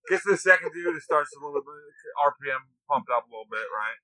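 A young man telling stories in casual chat, profane and animated, acting out the voices of the people he quotes. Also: a little high, quick pace, dry recording, rough recording.

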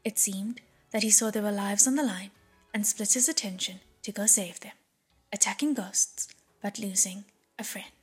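A breathy-voiced woman voicing a curt young male earth god who speaks flatly and matter-of-factly, in an audiobook. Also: high voice, normal speed, soft background music. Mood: deadpan.

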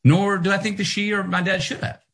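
A man in his fifties telling animated childhood stories as a guest, acting out the voices of people in them. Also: sits high, fairly quick. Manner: animated, acts out voices in anecdotes. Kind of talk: casual interview storytelling.

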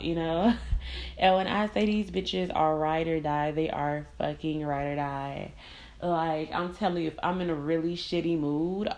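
A young adult woman with a low-pitched, creaky voice hosts her own podcast. In a casual storytelling monologue she tells candid, profane stories with animation, acting out the voices of the people she quotes.

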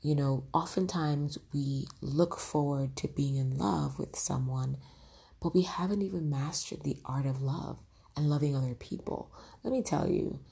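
A woman's voice: sits low, a little slow, creaky, dark tone, husky. A woman hosting a podcast, giving earnest motivational advice on love and speaking straight to her listeners, often checking in with "right?". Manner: earnest, addresses listeners directly with frequent "right?". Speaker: podcast host.

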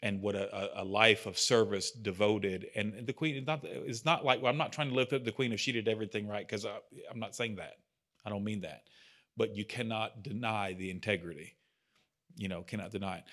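A man's voice: on the low side, fairly bright tone. A man leading a church study group, talking casually and earnestly, with self-deprecating asides. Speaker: bible study leader. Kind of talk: casual teaching talk.

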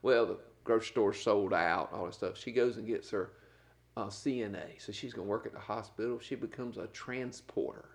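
A middle-aged man from North Carolina, an animated storyteller laughing through a casual podcast chat as co-host. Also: on the low side, moderate pace, vocal fry.

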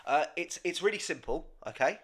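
A man co-hosting a casual comedic podcast, dry and low-key, firing off quick quiz questions. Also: animated, fairly bright tone. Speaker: podcast co-host.

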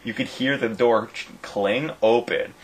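A man's voice: mid-range voice, unhurried, husky, rough recording. A man casually telling a long, rambling story with lots of fillers, in a chat between friends.

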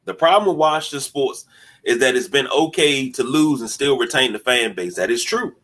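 A man hosting a sports podcast in casual talk, animated and mocking, often stumbling over repeated words as he starts a thought. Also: mid-range voice, moderate pace. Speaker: podcast host.

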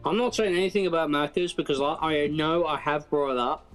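A man with an Australian accent, co-hosting a podcast in casual chat, animated, acting out quotes and laughing as he tells stories. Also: fairly high pitch, a little fast, faint music behind. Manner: animated storyteller, acts out quotes, laughs often. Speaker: podcast co-host.

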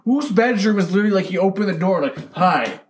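A man on a film podcast, speaking a little higher than most men. He talks loosely and swears freely. His talk stays casual and joking. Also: fast, darkish tone. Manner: loose and profane, acts out mocking quotes. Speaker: podcast co-host.

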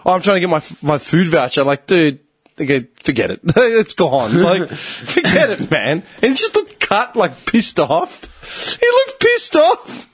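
A young man hosting a casual podcast chat, an animated storyteller who swears freely. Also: sits high, unhurried, breathy edge, no echo, clean studio sound. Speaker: podcast host.

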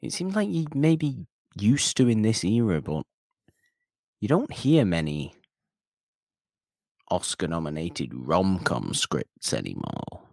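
A man with a very deep voice hosting a casual film podcast, his pitch swinging animatedly as he talks. He is wry and teasing, recorded dry and close to the mic. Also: sing-song, takes it slowly, gravelly, pauses often, a little mellow, dry recording. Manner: wry, mock-posh teasing, talkative.

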